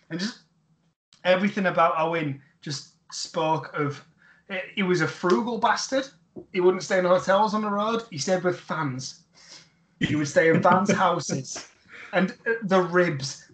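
A man telling a story in casual chat, animated and enthusiastic, swearing freely. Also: a little high, roomy sound.

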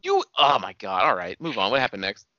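Man, bright edgy voice, profane buddy-buddy wrestling chat, muffled lo-fi sound. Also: on the low side, wildly swooping pitch, a little fast, no room sound. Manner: profane, keeps calling his friend buddy. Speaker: podcast co-host. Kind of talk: casual wrestling recap chat. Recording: dull lo-fi sound.

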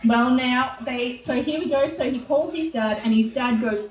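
A woman's voice: high voice, normal speed, soft background music. Heated swearing woman, echoey and distant. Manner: heated, swearing, acts out quoted voices. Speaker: podcast co-host. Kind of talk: casual chat, retelling a TV show. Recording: echoey, distant, dull sound.

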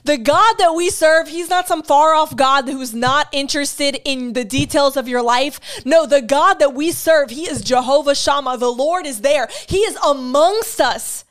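A young woman with a high voice delivers a heartfelt teaching sermon. She speaks earnestly and with emphasis, returning again and again to her key phrases. She draws on her own experience with open feeling. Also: normal speed, hardly any pauses. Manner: shares personal testimony with feeling. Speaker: Bible teacher.

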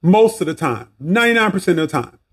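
A man's voice: fast, husky. A man with a Southern accent hosting a faith podcast, talking casually and preachily, with restarts, asides and a voice that rises and falls a lot. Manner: preachy, animated, swinging pitch, asides and restarts. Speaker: podcast host.

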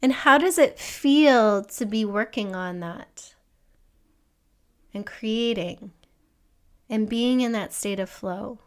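A woman's voice: slow, long pauses. Woman hosting a reflective solo podcast. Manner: earnest, gently encouraging, asks the listener questions; acts out an excited child in a higher voice. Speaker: podcast host.

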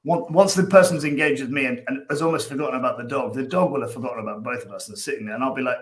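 Irish guy chatting on a podcast, keeps repeating himself, stammery, roomy echo, mid-pitched. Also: racing. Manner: rambling, repeats words, acts out scenes. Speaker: guest, dog behaviour coach. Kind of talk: casual podcast chat.

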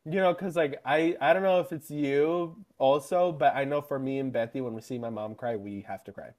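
A young man co-hosting a podcast in easy, casual chat. He talks in a chatty, giggly way and often laughs partway through a sentence. His voice sits in a middle pitch. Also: fairly quick, a little mellow. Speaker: podcast co-host.

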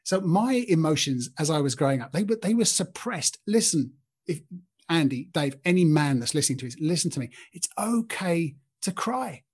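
Guy in his 50s, husky kinda high voice, chatty christian podcast, keeps talking right to the listeners. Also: lively intonation, brisk, darkish tone. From Britain. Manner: earnest, speaks straight to listeners by name. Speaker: podcast host. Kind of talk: informal Christian talk.

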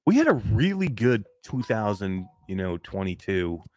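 A man's voice: lowish voice, normal speed, no room sound. A man co-hosting a live stream about gaming, chatting casually, joking and reading out viewers' names. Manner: animated, joking, reads chat names aloud. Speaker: podcast co-host.

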